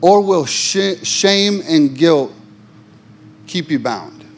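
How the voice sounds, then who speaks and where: High-voiced man preaching with passion. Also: expressive, extremely slow. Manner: impassioned preaching with sudden drops to low, quiet emphasis; repetitive, rhythmic phrasing. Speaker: pastor. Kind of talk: sermon.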